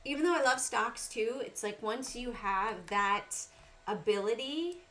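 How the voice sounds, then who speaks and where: A woman's voice: on the high side, expressive, unhurried, a bit bright, a little hiss or hum. A middle-aged woman with a Southern US accent hosting a casual trading livestream, talking through charts and greeting chat viewers by name.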